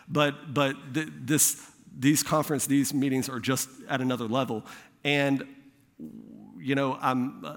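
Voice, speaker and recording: A fairly high-voiced young man preaches from the pulpit, telling a story about himself in a loose, conversational way. He acts out the people he quotes, and his voice rings with the long reverb of a big hall. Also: a bit bright. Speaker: pastor. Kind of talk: sermon with personal story.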